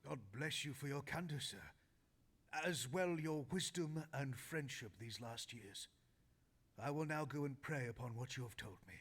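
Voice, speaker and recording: An actor playing a devout, fearful patient who speaks in pleading, archaic prayer-like phrases in a video game. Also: male voice, medium pitch, normal speed, fairly bright tone, slightly rough, faint music behind. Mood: solemn. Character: pious, fearful older male patient.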